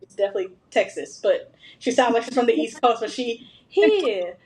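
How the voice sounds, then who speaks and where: A woman host in a casual podcast conversation, telling family stories with lively retellings of what her relatives said. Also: a little high, fast, a little hiss or hum. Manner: animated storytelling, acting out family members' lines.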